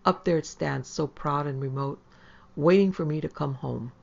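A woman reading the lines of a proud, brisk city wife who has moved to the country, in a prim, commanding manner. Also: sits low, vocal fry. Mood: musing, proud. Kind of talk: audiobook character voice. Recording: slightly dull lo-fi audio.

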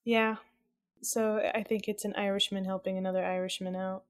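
A woman's voice: mid-range voice, flat delivery, clean tone. Woman cohost, chatty, jokey, mid voice, casual podcast banter. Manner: chatty, quick to joke and laugh. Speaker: podcast co-host.

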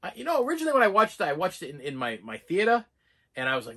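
Man, casual film reviewer, rambling, excitable, bright tone, high voice. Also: racing, slightly rough. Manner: excitable, rambling, with many restarts and fillers. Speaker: movie reviewer.

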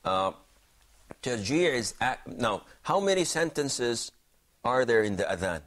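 A man's voice: mid-range voice, sing-song, measured pace, fairly bright tone. A man teaching a religious jurisprudence class, explaining points and quizzing students by name. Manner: questioning, explanatory, repeats himself. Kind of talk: classroom lesson with questions to students.

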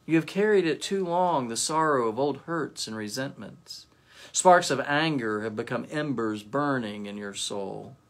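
A man voicing a calm, stern angel who speaks quietly and firmly. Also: mid-range voice, a little slow, lightly acted. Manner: quiet, firm.

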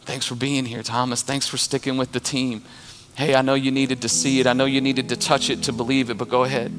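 A man in a sermon voicing Jesus as a gentle, loving man who speaks softly and tenderly. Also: medium pitch, flat delivery, a little fast, natural voice. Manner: soft and tender. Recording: long church reverb with music.

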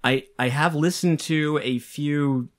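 A man's voice: on the high side, fairly even intonation, slow pace. A man co-hosting a podcast in casual chat, explaining facts in a chatty, teasing way. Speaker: podcast co-host.

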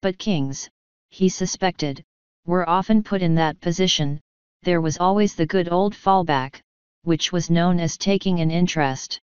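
A woman reading an audiobook in a measured, dry narration. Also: fairly low pitch, a little mellow, smooth, dry recording, lo-fi sound. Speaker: audiobook reader.

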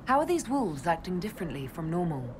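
A curious female hero from a fantasy game who questions the locals. Her pitch is lowish but moves a lot. Clear background noise runs behind the game audio. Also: big pitch swings, brisk.

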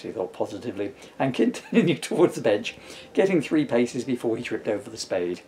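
A man reading aloud from his own comic children's book, chuckling as he goes. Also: a little fast. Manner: chuckling, playful reading with lively pitch.

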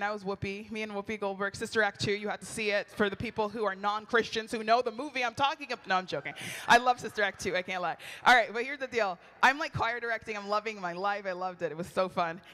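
Animated woman preaching in a reverberant hall. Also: medium pitch, quick pace, hardly any pauses. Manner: animated, chatty, laughs often, acts out quoted lines. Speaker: women's retreat speaker. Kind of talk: storytelling sermon.

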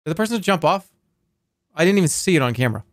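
A male streamer with a slightly raised pitch rambles playfully through his live session. He reads viewer messages aloud in a loose, joking way. The sound is close and dry, with no room around it. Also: big pitch swings, fast, no echo. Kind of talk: live game stream commentary.

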